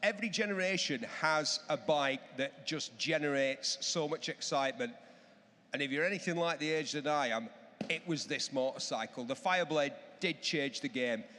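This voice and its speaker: Excitable middle-aged expert telling stories in a hall. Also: male voice, a little high, normal speed, a little hiss or hum. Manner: animated storytelling, emphatic advice. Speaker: motorcycle expert guest. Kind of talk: enthusiastic anecdotal chat. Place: auction hall. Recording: long reverb of a large hall.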